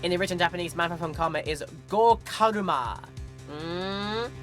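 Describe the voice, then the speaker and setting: A woman's voice: fairly low pitch, normal speed, music in the background. A woman streamer with a strained voice, making wry, chatty asides during a game playthrough. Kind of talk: casual game playthrough commentary.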